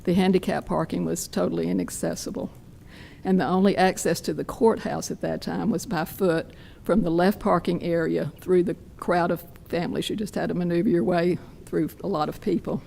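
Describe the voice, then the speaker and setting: A hoarse woman giving a detailed, measured public comment at a podium mic in a county meeting room. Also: fairly low pitch, steady tone, a little mellow, slight background noise.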